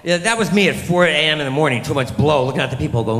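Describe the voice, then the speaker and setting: A man's voice: fairly high pitch, expressive, racing, hardly any pauses, fairly bright tone, in a large hall. A man doing a rambling, crude stand-up comedy set, full of sarcastic rants and mocking impressions.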